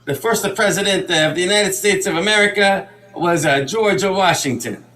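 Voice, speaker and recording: Guy doing nervous immigrant tony, higher voice, stiff and formal, bright tone. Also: moderate pace. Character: nervous male immigrant Tony, eager to please.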